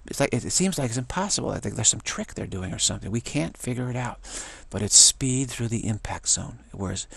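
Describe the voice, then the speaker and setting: A man talking in a loose, rambling monologue, repeating himself and restarting words, getting animated when excited. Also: fairly low pitch, vocal fry, slightly rough, dry recording.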